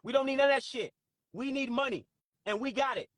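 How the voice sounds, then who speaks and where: A man hosting a call-in stream who talks in a forceful, profane, sermon-like way. His voice sits very high for a man, and the sound is dry with no room echo. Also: fairly quick. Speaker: host. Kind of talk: live stream talk with callers.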